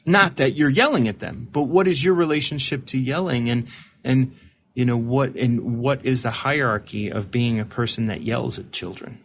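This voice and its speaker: A man's voice: mid-range voice, normal speed, a little hiss or hum. A man serving as host and recovery mentor, explaining ideas to a caller in casual talk, often repeating and restarting words.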